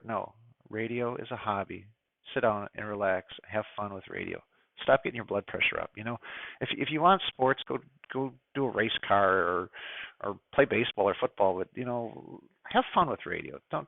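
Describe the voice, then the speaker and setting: A middle-aged man talks casually to a ham radio club, chatty and opinionated, with lots of asides and fillers. His voice sits at an ordinary pitch. The sound is dry and narrow, like a phone line. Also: creaky, dry recording. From United States. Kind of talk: casual presentation talk.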